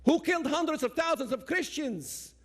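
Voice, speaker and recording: A man's voice: extremely high pitch, expressive, normal speed, fairly bright tone. A man with a Palestinian Arabic accent giving an impassioned talk, addressing the audience directly and emphatically. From Palestinian territories.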